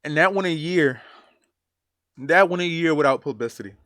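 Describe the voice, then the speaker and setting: A man giving personal commentary as a vlogger, earnest and emotional, halting and repeating phrases for emphasis. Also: on the high side, fairly bright tone, dry recording, clean studio sound.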